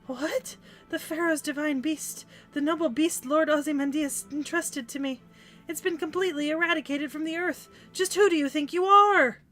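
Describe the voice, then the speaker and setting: A proud, short-tempered young pharaoh queen from a game, read by a woman. The voice sits a little high and sounds bright and sharp, with faint music underneath. She speaks haughtily, quick to take offense. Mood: indignant. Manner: haughty, indignant.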